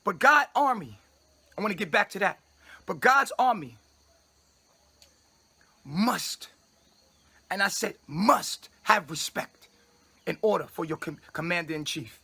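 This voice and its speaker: A man delivers a livestream sermon to his own followers, proclaiming himself their leader. His voice sits high and bright with a husky edge. He scolds in repeated, commanding phrases. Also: lively intonation, normal speed. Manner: repetitive, scolding tone at listeners. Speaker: self-styled spiritual leader addressing followers. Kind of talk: livestream preaching monologue.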